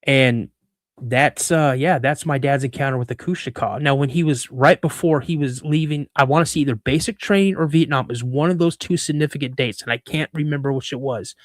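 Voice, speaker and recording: A man in his fifties telling stories as a podcast guest, animated and acting out the voices in them. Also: medium pitch, brisk, dry recording, studio quality. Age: 50s. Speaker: podcast guest, cryptid researcher. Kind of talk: casual storytelling.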